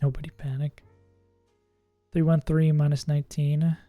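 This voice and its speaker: A chatty streamer talks through game strategy out loud, laughing often and second-guessing the numbers. The voice sits at a middle pitch, recorded close and dry with faint music underneath. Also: level tone, normal speed, dry recording, muffled recording. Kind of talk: casual livestream commentary.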